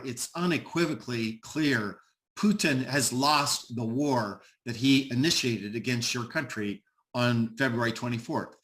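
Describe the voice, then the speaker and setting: A middle-aged American man from the United States speaks emphatically on an online panel, often saying "uh" and repeating words. His voice is medium-pitched with a fairly bright tone.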